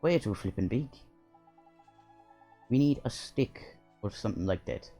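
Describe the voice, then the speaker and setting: A man's voice: mid-range voice, expressive, measured pace, dark tone, soft background music. A man voicing a chatty, bossy little male fairy sidekick while reading a game aloud. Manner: lilting, bossy, slangy and matter-of-fact.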